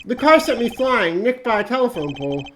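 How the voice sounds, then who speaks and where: A woman voicing a weary, laid-back father who jokes in a low, dry, offhand way while reading game dialogue on a stream. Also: sing-song, fairly quick, noisy background. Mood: teasing. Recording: music playing behind the voice.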